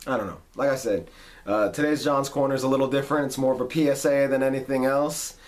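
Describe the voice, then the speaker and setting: A man's voice: mid-range voice, steady tone, fast. A man in his late twenties giving a heated, emphatic rant on his vlog, swearing freely. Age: late 20s. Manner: heated, emphatic, profane ranting. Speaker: vlog host. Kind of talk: ranting monologue.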